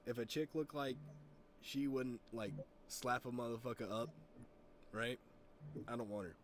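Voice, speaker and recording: Male streamer, mid pitch, rambling and profane casual storyteller. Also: a little hiss or hum.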